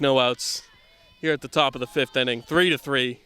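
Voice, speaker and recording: A man from the Boston area giving casual play-by-play commentary at a softball game outdoors, full of rambling, self-deprecating jokes. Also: medium pitch, fairly even intonation, moderate pace, clear, resonant tone.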